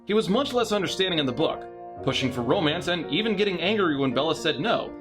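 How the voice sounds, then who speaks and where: A man's voice: fairly high pitch, lively intonation, fast, music in the background. A man narrating a scripted comedic movie review with sarcastic, mocking asides.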